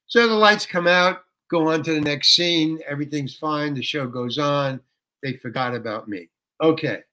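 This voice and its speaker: An older man telling a story as an interview guest, animated and colloquial, often saying "man" and "you know". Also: a little high.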